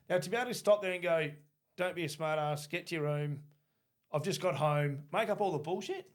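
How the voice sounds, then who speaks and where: A man's voice: a little high, a little fast. A middle-aged Australian man co-hosting a podcast, telling stories bluntly and casually, with the odd swear word. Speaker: podcast co-host. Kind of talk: casual chat.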